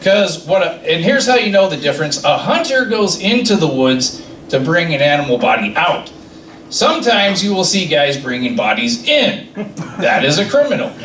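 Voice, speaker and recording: A man's voice: a little high, sing-song, moderate pace, fairly bright tone, distant mic, slight background noise. A man doing a stand-up comedy set, telling rambling stories and laughing at his own jokes. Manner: rambling, self-amused storytelling. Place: comedy club stage. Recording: roomy club sound from off mic.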